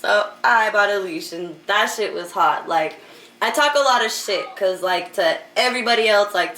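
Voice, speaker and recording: A woman's voice: lowish voice, far from the mic. A young woman telling candid stories as an interview guest, laughing often and filling her talk with "like". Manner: laughs often, fills with "like", drops to a hush for quoted lines. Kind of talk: candid casual storytelling. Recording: roomy echo, off-mic.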